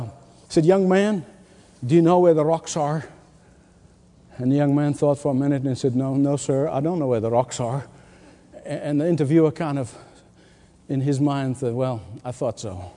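A pastor preaching a sermon with emphatic delivery, repeating his key lines and swinging between loud declarations and hushed asides. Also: fairly high pitch. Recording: long hall reverb.

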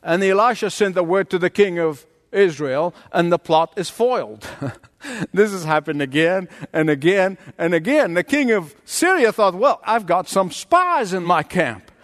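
A middle-aged man preaching a sermon, acting out the scenes he tells with big jumps in voice. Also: unhurried. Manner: animated preaching, acts out scenes with big pitch leaps. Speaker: pastor. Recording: long hall reverb.

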